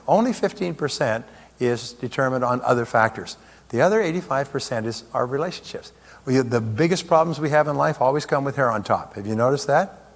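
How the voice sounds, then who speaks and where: A man giving a motivational seminar talk in a large hall, joking with and rousing the audience. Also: medium pitch. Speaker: seminar speaker. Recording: echoey hall with long reverb.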